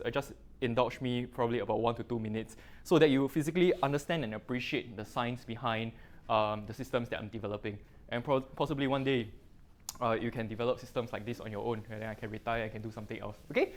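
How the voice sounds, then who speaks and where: Sounding like a relaxed guest lecturer, a middle-aged Singaporean English speaker presents a technical talk to an audience in a room. He talks loosely at a mid-range pitch, dropping in frequent fillers and local particles.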